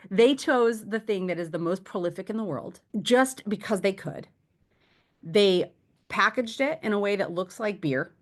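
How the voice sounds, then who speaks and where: A woman co-hosting a business podcast, talking about marketing in a lively, casual and blunt way. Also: fairly low pitch.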